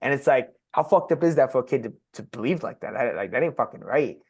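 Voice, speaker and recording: Young male podcast guest, confessional and unpolished, swears freely, mid-pitched voice. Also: animated, fast talker, a little mellow, breathy edge. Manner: blunt and profane, heavy use of "like". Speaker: podcast guest sharing his story. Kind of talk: candid personal storytelling.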